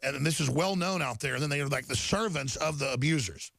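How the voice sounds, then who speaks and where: A man's voice: fairly high pitch, a little fast, gravelly, a bit bright, no echo. A middle-aged man hosting a talk show, delivering a heated, repetitive monologue to viewers while reading headlines.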